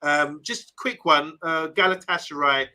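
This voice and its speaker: This is a chatty man hosting a live stream, reading viewer comments aloud and wandering between topics. His voice is bright and sits a little high. He keeps it casual and rambling. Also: moderate pace, poor audio. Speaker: host.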